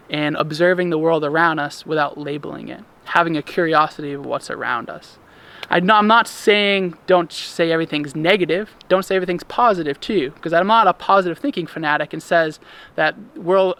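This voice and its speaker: Bright-voiced man giving a daily lesson. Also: fairly high pitch, vocal fry. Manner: calm, explanatory, with occasional fillers. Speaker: instructor.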